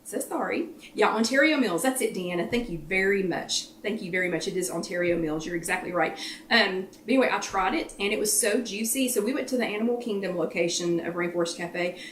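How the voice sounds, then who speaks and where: A woman's voice: medium pitch, a little fast, a bit bright, slight background noise. A middle-aged woman chats casually on a live stream, greeting viewers by name in between her own stories. Her voice sits in a middle register. She speaks from some distance off the mic, in a room with an echo. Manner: chatty, greets viewers by name mid-sentence. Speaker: host of a live weekly wellness chat. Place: at home.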